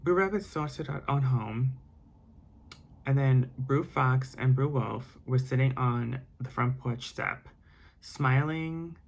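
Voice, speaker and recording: A man reading a bedtime story aloud in ASMR style, with soft, rambling asides. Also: mid-range voice, slow, gravelly.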